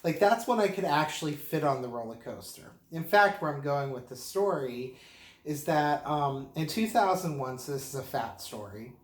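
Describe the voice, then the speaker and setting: A man's voice: fairly high pitch, expressive, normal speed. A man from the Pittsburgh area, mildly tipsy, rambling casually to camera with lots of fillers and frequent laughs. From Pittsburgh area, western Pennsylvania. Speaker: vlogger. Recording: roomy echo.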